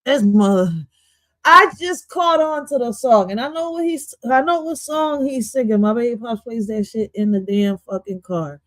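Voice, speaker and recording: A woman's voice: on the high side, lively intonation, normal speed, a bit bright, no room sound. A woman reacting to a podcast clip on her stream, goofy and swearing, slipping into now and then. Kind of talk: casual reaction commentary.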